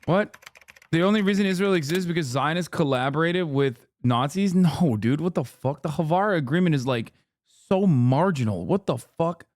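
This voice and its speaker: Profane, animated male streamer. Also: a little high, normal speed, dry recording. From United States. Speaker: streamer and political commentator. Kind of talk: livestream reaction commentary.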